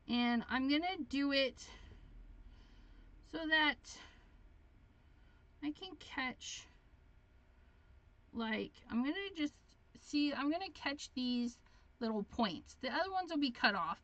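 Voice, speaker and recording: High bright-voiced lady chatting slow and chipper while she crafts on a livestream. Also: highs cut off, slight background noise. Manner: chatty, chipper storyteller reading viewer comments. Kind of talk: casual chat while crafting.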